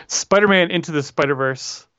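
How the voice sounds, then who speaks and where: A man's voice: a little high, a little slow, a bit bright, dry recording. A man co-hosting a casual podcast chat, rambling and correcting himself with wry asides. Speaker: podcast co-host. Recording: dull lo-fi audio.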